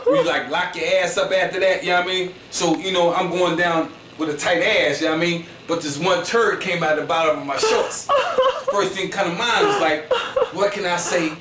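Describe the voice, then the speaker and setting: This is a Philadelphia comic with a high, fairly bright voice and a brisk delivery, spinning a funny story as a monologue. His talk is slangy and full of bragging, wandering along with "you know what I'm saying" at every turn. It sounds echoey and far off, with a little background noise.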